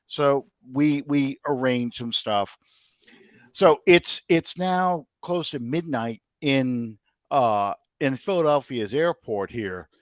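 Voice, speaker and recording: A man hosting a podcast, telling a story in a casual, animated way and laughing often as he goes. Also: a little high, dry recording. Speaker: podcast host.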